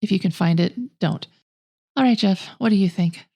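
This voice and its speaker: A woman's voice: medium pitch, normal speed, vocal fry, mellow. A woman co-hosting a film podcast, giving a blunt and scathing review in casual chat. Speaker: podcast co-host.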